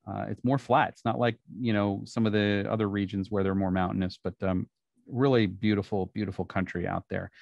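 Chatty low-voiced man giving a seminar. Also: dry recording. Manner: chatty, many fillers and restarts. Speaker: photography presenter. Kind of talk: live seminar lecture.

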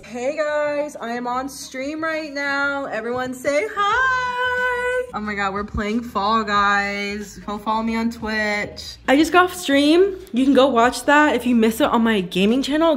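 A woman's voice: on the high side, fairly bright tone. A young woman in her twenties talking casually to her camera at home, chatty and giggly, swearing freely. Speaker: vlogger. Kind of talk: casual vlog chat to camera. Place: at home, indoors.

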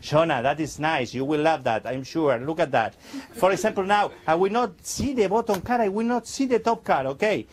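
A man's voice: fairly high pitch, moderate pace. A man performing as a stage magician, chatting playfully with the audience in slightly broken English.

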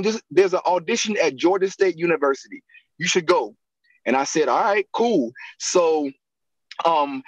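A man, appearing as a guest actor and acting coach, tells lively stories in a casual interview, laughing and voicing the people he quotes. His voice is on the high side, with no echo and the high frequencies cut off.

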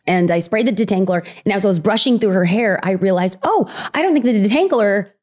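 A woman in her thirties, a podcast guest telling a personal story in an animated conversational way, acting out quotes. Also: fairly quick. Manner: animated, acts out quotes with big pitch jumps.

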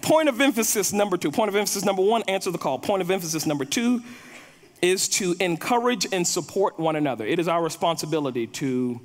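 Male pastor, sermon, storytelling delivery with repeated words, high voice, echoey hall. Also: fast talker. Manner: storytelling, repeats words when building a point.

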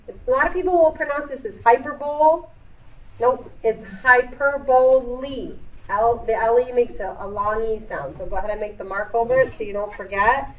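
Woman teacher, fairly high voice, chatty and patient, classroom lesson, roomy echo, mic far off. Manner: chatty, explains patiently, playful asides. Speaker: middle school English teacher. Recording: echoey classroom recorded from afar, dull.

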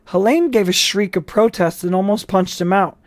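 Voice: mid-range voice, normal speed, no echo. An audiobook reader narrating a novel with casual asides and small restarts. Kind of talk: storybook narration.

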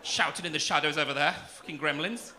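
On a comedy club stage, a man in his forties does a cheeky, camp stand-up set, teasing the crowd and swearing freely. His voice runs on the high side, fairly quick, pushed and bright, in a noisy room with audience laughter behind him.

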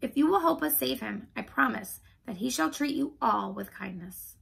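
An earnest, reassuring straw scarecrow, voiced by a woman reading aloud. The voice is gravelly and husky and sits fairly high. It is a storybook read-aloud. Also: lively intonation, normal speed, fairly bright tone, full character voice. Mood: eager. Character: gentle male scarecrow of straw.

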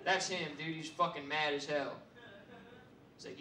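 A man doing stand-up, telling a profane story with loud bursts and laughs. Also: fairly high pitch, brisk. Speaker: comedian. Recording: roomy stage sound from far mic, audience.

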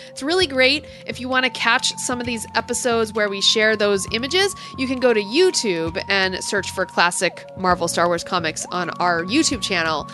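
A woman's voice: fairly high pitch, pushed and bright. A woman co-hosting a podcast, chatting casually and promoting the show in an upbeat way. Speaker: podcast co-host.

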